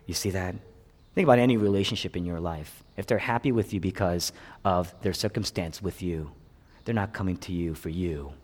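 A male pastor preaching a sermon with a dynamic delivery that swings from loud exclamations to hushed lows. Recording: long hall reverb.

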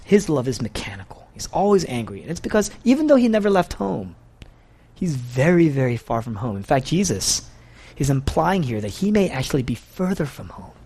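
A man's voice: medium pitch, sing-song, brisk, mellow, breathy edge. A man preaching a conversational sermon, earnest and confessional, often restarting and saying "you know". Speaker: pastor.

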